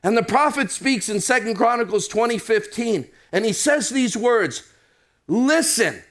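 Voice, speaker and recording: A man preaching a sermon, reading scripture and slowing down and rising for emphasis. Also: extremely high pitch, a bit bright.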